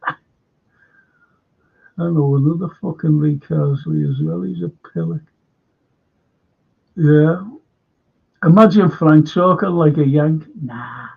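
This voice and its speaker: Gravelly Liverpool man chatting on a stream. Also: fairly high pitch, big pitch swings, slow, pauses often. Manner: rambling anecdotes with repeated restarts. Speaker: host of a live fan stream. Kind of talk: casual chat reading viewer comments. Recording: dull lo-fi stream audio.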